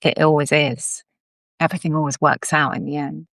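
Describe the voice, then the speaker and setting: Calm woman w a low gravelly voice, video call, dry sound. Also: fairly quick, no echo. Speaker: co-host. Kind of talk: casual chat on a live video call.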